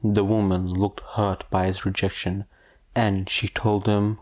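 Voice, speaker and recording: A man narrating fan fiction aloud in a steady, plain storytelling manner. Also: on the low side, measured pace. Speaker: fanfiction audiobook reader.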